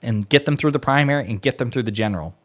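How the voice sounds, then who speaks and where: A man's voice: mid-range voice, quick pace. Man, political commentary, emphatic, profane, exasperated, mid voice.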